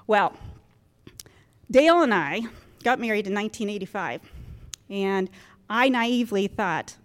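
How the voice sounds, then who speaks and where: A woman's voice: mid-range voice, animated, measured pace, in a large hall. A woman in her fifties giving a candid, self-mocking talk to a group of mothers in a church gym, laughing often. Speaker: guest speaker at a moms' group. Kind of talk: personal talk to an audience.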